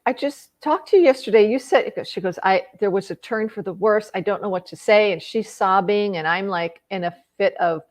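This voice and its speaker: Here is a middle-aged woman with a fairly low voice, speaking with earnest feeling as she works through a personal story. She often stops to restart a thought and fills gaps with small fillers while she reflects on her own mistakes.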